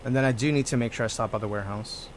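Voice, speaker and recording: A man streaming a game, chatting playfully with the characters in casual commentary and breaking into loud bursts of excitement. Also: medium pitch, very fast, slight background noise.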